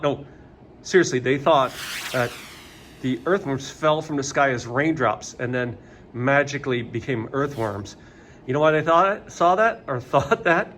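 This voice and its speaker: A man's voice: on the high side, fairly bright tone, a little hiss or hum. A man teaching a casual video lesson, joking and rambling with many fillers.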